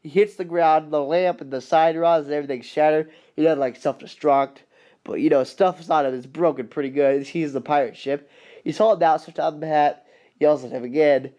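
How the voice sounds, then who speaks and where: An excitable man rambles through a casual recap of a film he loves. His voice is mellow and soft-edged, pitched a little high. He restarts sentences and fills gaps as he goes. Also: normal speed, muffled recording.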